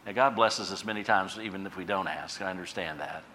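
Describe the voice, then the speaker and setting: A male pastor delivers a sermon with a bright, forceful voice. He moves between soft, conversational asides and loud, emphatic lines. A faint hiss of noise sits under the recording. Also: low-pitched, brisk. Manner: preaching with rising emphatic bursts and quiet asides.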